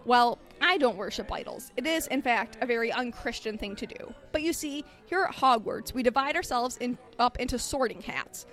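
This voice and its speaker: A woman voicing a fervent male preacher who runs a school, praying loudly in a folksy way. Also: on the high side, lively intonation, normal speed, few pauses, faint music behind.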